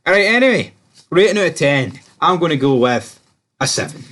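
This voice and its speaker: A man's voice: on the high side, very animated, brisk, fairly bright tone. A man co-hosting a casual TV episode review, swearing freely and acting out characters' lines as he recaps. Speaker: podcast co-host.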